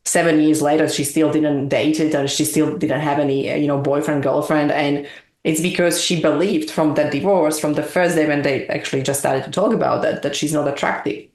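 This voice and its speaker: In an echoey room, a woman guest in an interview speaks earnestly and reflectively, giving long, winding explanations. Her low voice is steady, brisk, and a little mellow.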